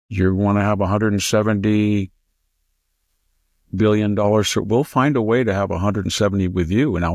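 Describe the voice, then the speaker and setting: A low-voiced man hosting a political talk show, with a gravelly texture throughout. He holds forth emphatically, lecturing point by point. The sound is dry and close. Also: darkish tone, dry recording. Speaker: host. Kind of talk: political commentary chat.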